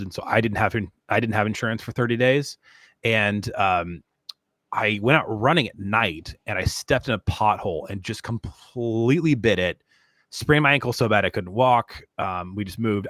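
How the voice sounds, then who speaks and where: A man's voice: on the low side, fairly quick, a bit bright, dry recording. A man co-hosting a podcast, telling stories in casual chat with lots of fillers. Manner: rambling storyteller, many fillers. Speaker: podcast co-host.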